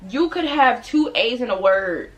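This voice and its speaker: A young woman from the Washington DC area chatting while doing her makeup, telling stories in an animated way and putting on playful voices. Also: fairly high pitch, unhurried, loud music behind the voice. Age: young adult. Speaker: beauty vlogger. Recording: noisy home recording.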